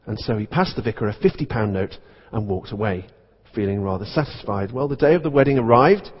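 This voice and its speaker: A man's voice: fairly low pitch, animated, fairly quick, slightly rough. A man serving as vicar, preaching a sermon in a conversational storytelling manner. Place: church. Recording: dull recording in echoey church.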